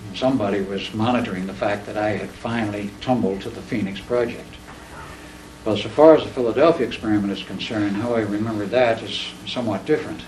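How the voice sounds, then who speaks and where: A man's voice: fairly low pitch, quick pace. Man telling a rambling story in a roomy living room. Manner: rambling, animated, acts out quoted dialogue. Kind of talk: casual anecdotal storytelling. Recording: roomy, distant mic, faint background noise.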